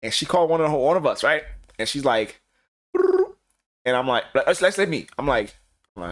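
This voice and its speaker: A man co-hosting a podcast, chatting casually and acting out quotes in animated bursts. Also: on the high side, normal speed. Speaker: podcast co-host.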